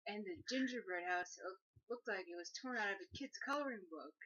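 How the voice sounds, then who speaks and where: A woman's voice: mid-range voice, a little fast, fairly bright tone, husky. Dry young woman, lo-fi sound. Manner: dry, brief agreeing remarks. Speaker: co-reviewer. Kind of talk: casual review chat. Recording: dull lo-fi sound.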